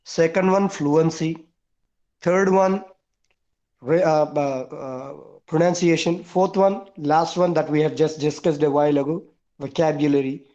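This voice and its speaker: A man teaching a class over a video call, speaking in a high voice. He counts off his points one by one and repeats the key words for emphasis. The call audio comes through dull and lo-fi. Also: steady tone, a little slow, dark tone. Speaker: English teacher. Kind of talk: online class instruction.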